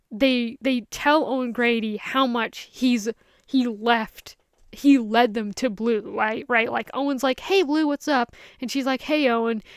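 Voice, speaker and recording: A woman giving a casual, animated film review, ranting and acting out characters' lines as she goes. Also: fairly high pitch, clear, resonant tone, no room sound, clean studio sound. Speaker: movie reviewer.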